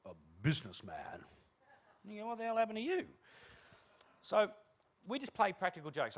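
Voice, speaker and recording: A man with a slightly high voice speaks from a stage, keynote style. He jokes his way through business stories, energetic and cheeky. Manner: energetic, joking storyteller. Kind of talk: humorous motivational talk.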